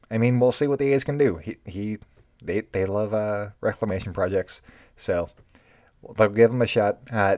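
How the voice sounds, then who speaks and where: A man's voice: on the low side, a little mellow, dry recording. Sarcastic man ranting about baseball. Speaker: baseball podcast host. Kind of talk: unscripted sports commentary.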